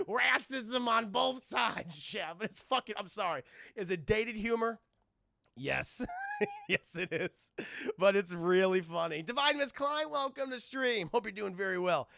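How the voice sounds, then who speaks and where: A man streaming a casual film review to a live chat. He retells scenes in a profane, animated way. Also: sits high, measured pace, vocal fry, dry recording, clean studio sound.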